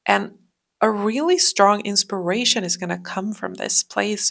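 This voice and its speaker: A woman giving a calm tarot reading, talking slowly and often dropping into a whisper. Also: mid-range voice, gravelly. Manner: slow, calm, drifting into whispers. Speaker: tarot reader. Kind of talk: soft-spoken tarot reading.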